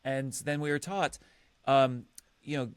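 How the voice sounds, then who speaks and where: A man's voice: medium pitch, measured pace, clean tone, dry recording. A man co-hosting a podcast, chatting casually in a playful, eager way. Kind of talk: casual chat.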